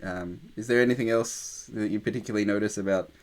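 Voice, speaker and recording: A man with a fairly low voice guides a group through a meditation practice on a video call. His talk is loose and rambling, full of "like" and restarts. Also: fairly even intonation, fast, darkish tone. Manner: loose and rambling, many fillers. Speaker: meditation teacher.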